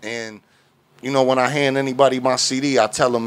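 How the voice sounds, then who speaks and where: A man's voice: mid-range voice, a little fast, clear, resonant tone. A man, an underground hip hop artist, answering interview questions in a chatty, storytelling way with plenty of fillers like "you know" and "man". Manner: animated storytelling with many fillers.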